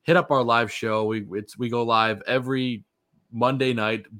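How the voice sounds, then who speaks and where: A man's voice: mid-range voice, steady tone, normal speed, a bit bright. A man in his thirties casually hosting a sports podcast, easygoing and rambling with lots of fillers. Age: 30s. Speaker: podcast host.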